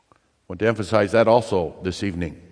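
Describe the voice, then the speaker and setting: A man preaching a sermon, emphatic, repeating key phrases and slowing down to stress them. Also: fairly low pitch, a little mellow. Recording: long reverb in a large hall.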